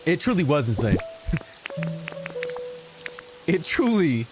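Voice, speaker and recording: Animated storytelling male game streamer. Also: on the high side, slow pace, over music. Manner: animated, exaggerated storytelling with repetition for effect. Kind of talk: casual storytelling while gaming.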